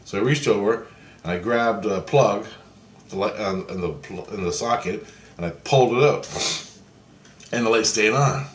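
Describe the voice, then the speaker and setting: A man's voice: fairly low pitch, moderate pace, slight background noise. A man casually telling a long story in a rambling, repetitive way, swearing freely. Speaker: vlogger. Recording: echoey room.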